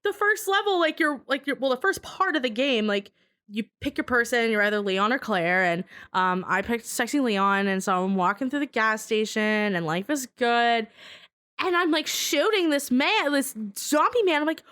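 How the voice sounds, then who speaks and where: A woman chatting on a casual podcast, with a voice pitched a little high. She tells her stories in an animated way. She laughs often and swears freely. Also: moderate pace. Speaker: podcast guest.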